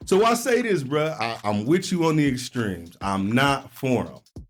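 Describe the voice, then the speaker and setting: Animated, teasing male podcast host. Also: measured pace. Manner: animated, teasing, rises high when joking. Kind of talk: casual chat.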